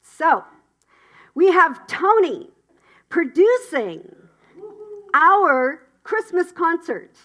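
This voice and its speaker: A woman's voice: very high-pitched, very animated, extremely slow, pauses often, a bit bright. A woman giving enthusiastic, chatty announcements at a spiritual community service, cheering the news along. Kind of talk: upbeat church announcements. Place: spiritual community gathering indoors.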